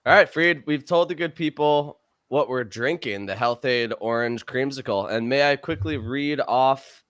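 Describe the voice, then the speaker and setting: A young man co-hosting a podcast, chatting casually in an energetic, playful way. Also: mid-range voice, normal speed. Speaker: podcast co-host.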